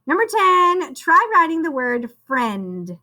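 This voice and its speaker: A woman teacher giving a slow, sing-song phonics spelling lesson to young children, encouraging them and calling each one "friend". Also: very high voice, very animated, bright, forceful tone.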